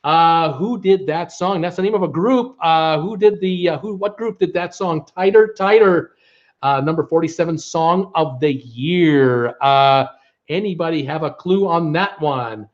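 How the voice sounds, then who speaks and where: A man's voice: fairly high pitch, a little slow. A man hosting a live trivia stream, chatting casually with viewers and humming bits of old songs. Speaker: host of a live trivia show. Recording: dull lo-fi stream audio.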